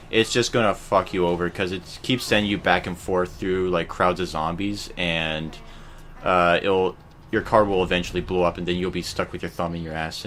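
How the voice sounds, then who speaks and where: A man's voice: low-pitched, a bit bright, a little hiss or hum. A man hosting a let's play, explaining game tips in casual commentary, hesitating with many fillers. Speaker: let's play host and player.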